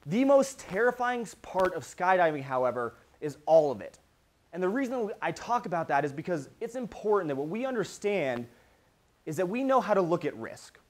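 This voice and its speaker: A young man with a high voice gives a lively keynote talk to students. He tells his stories with energy and acts out the reactions as he goes. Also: moderate pace. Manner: animated storytelling, acting out reactions. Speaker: motivational speaker. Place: event with a live audience.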